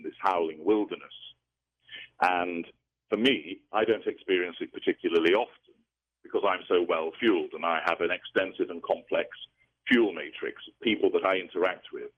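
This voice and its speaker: Deep-voiced man on a tinny line. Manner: measured, lecturing, methodical explanations. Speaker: interview guest. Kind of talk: explanatory interview talk.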